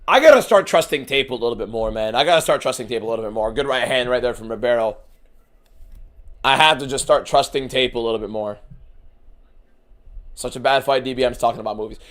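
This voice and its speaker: A man streaming a fight watchalong, giving casual, profane live commentary that swings from shouting to muttering. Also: mid-range voice, quick pace.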